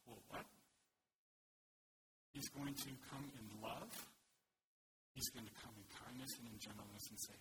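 A man's voice: mid-range voice, fairly quick. Folksy pastor guy preaching at church, chatty and encouraging, lots of noise behind. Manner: conversational, folksy, upbeat and encouraging. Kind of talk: informal sermon and prayer. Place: church service. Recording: loud background noise.

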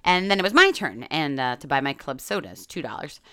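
A woman's voice: low-pitched, very animated, fairly quick, bright, forceful tone, clean tone, no room sound, studio quality. A middle-aged woman from New York, a coach hosting her own podcast, chatting casually and telling stories with plenty of fillers and the odd swear word.

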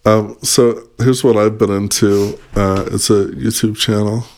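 A man's voice: on the low side, flat delivery, darkish tone. Eager man chatting as co-host. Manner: enthusiastic, quick reactions, trails off mid-sentence. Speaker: podcast co-host. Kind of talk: casual chat.

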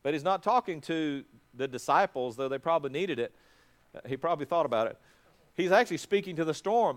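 A man's voice: fairly high pitch, animated, a little fast. A middle-aged man, a pastor, preaching a sermon in a conversational way, often restarting his words.

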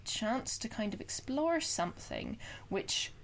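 A woman's voice: on the high side, huge pitch swings, takes it slowly, vocal fry, slight background noise. A young woman co-hosting a podcast, chatting casually about films in a rambling way full of fillers. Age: young adult. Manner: rambling, full of "sort of" and "kind of". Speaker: podcast co-host. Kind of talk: casual film discussion.

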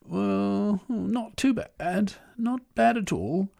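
A man voicing a jovial, upbeat gentleman who keeps calling his friend dear fellow. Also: high-pitched, very slow, vocal fry, pitched above the performer's own voice, full character voice. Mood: cheery. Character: jovial, cheery gentleman companion.

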